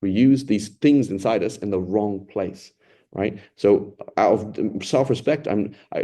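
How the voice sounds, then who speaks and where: A man's voice: lowish voice, measured pace. A man teaching a Ramadan Quran lesson in a conversational, emphatic way, asking rhetorical questions and acting out what people say. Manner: acts out quoted people in lively voices.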